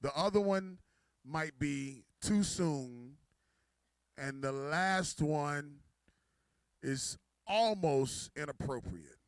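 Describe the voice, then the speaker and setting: Brief: playful male emcee, high voice, dry close sound, teasing the crowd. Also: expressive, drawn-out words, clean tone, dry recording. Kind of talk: stand-up joke telling at a gala.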